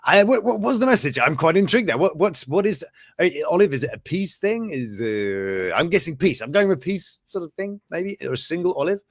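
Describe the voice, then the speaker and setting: A man hosting a casual show, his slightly high voice swooping up and down as he reads out odd news items. He chuckles often and breaks off mid-sentence to comment, recorded dry and close with no room sound. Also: very animated, fairly quick, dry recording. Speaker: show host.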